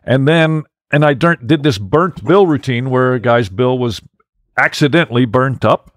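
A man's voice: mid-range voice, normal speed, dry recording, studio quality. A man hosting a podcast, chatting casually and hesitantly, with many fillers and the odd chuckle. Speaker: podcast host.

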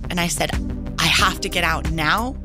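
A middle-aged woman recounting her own experience as an interview guest, animated and acting out the voices of others. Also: lowish voice, normal speed, over music. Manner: animated, acts out quoted voices. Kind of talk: emotional personal storytelling.

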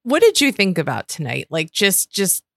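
Lively, gravelly-voiced woman podcaster. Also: on the low side, moderate pace, dry recording, clean studio sound. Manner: chatty, reads names aloud. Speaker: podcast co-host. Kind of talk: casual chat.

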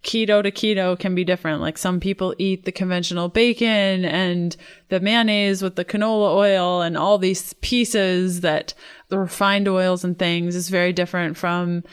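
A young adult woman hosting a podcast, enthusiastic and quick to laugh. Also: fairly low pitch, fairly even intonation, smooth. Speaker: podcast host. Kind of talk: podcast interview.

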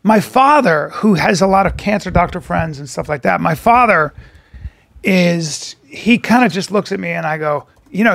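A podcast co-host tells profane stories in casual chat, acting out the voices of the people in them. His high-pitched voice has lively intonation, a moderate pace, vocal fry and a fairly bright tone, recorded dry.

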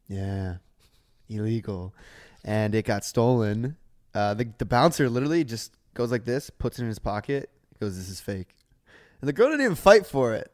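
A man's voice: medium pitch, moderate pace, no echo, studio quality. A young man in his twenties co-hosting a podcast, telling stories in casual chat and laughing often. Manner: laughs often, relaxed storytelling. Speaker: podcast co-host.

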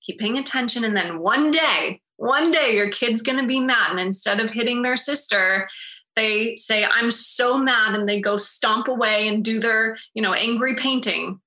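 A woman's voice: a little high, normal speed, bright, forceful tone, poor audio. A woman co-hosting a parenting podcast, explaining in an encouraging way. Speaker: parenting expert co-host. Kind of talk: casual podcast chat.

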